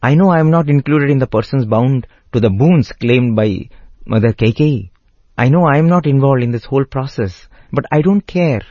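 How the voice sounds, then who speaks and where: A man's voice: mid-range voice, moderate pace, no echo, pitched above the performer's own voice, lightly acted. A man voicing a humble, fervently loyal younger brother who pleads emphatically in a raised voice. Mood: defiant. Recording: dull lo-fi recording.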